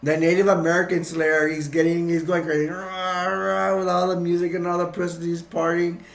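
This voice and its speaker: A man's voice: on the high side, level tone, fairly quick. Rambling man recapping a film in an echoey room. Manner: rambling, with restarts and frequent chuckles. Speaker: film reviewer. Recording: roomy echo.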